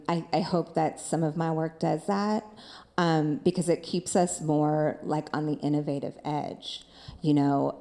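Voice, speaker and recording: A woman dance scholar speaking on a panel, reflective and halting, thinking aloud with many fillers. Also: low voice, vocal fry, dark tone. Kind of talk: panel discussion.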